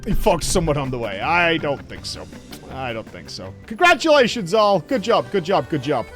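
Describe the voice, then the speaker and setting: Male game streamer, casual joking chatter, fairly high voice, very animated pitch, faint game music behind. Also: moderate pace. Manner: lively, joking, swearing, cheering on teammates. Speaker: streamer playing an online game.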